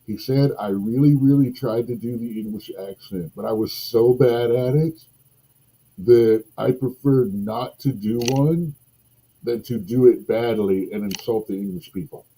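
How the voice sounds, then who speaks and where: A man's voice: mid-range voice, a little slow, warm tone, breathy edge, poor audio. A man co-hosting a casual podcast, correcting his partner in a dry, matter-of-fact way. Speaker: podcast co-host. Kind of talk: casual chat.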